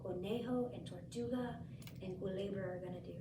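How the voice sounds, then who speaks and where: A woman teacher reading a picture book aloud to a child, asking gentle questions and giving the characters lively voices. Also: mid-range voice, brisk, noisy background. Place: school room. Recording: echoey room, mic from far off.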